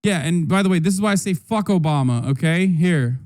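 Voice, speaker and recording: A man's voice: on the high side, animated, brisk, a little mellow. A man hosting a livestream, reacting to political news in a heated, profane, sarcastic rant. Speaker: streamer host.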